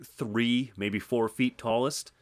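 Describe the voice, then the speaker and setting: A man's voice: mid-range voice, steady tone, takes it slowly. A man co-hosting a casual online game chat, telling jokes with stammering restarts. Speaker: podcast co-host.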